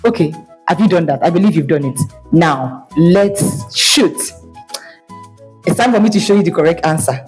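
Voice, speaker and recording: A woman's voice: on the low side, animated, normal speed, a little mellow, soft background music. Encouraging woman teaching tones. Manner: encouraging, drills words with sliding tones. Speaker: Igbo language teacher for children. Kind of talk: online language lesson.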